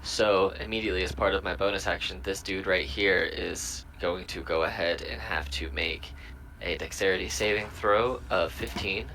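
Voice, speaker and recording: A man's voice: deep voice, steady tone, normal speed, bright, forceful tone, slight background noise. A man playing a tabletop game, vividly describing his character's actions. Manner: vivid, playful action narration. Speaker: player.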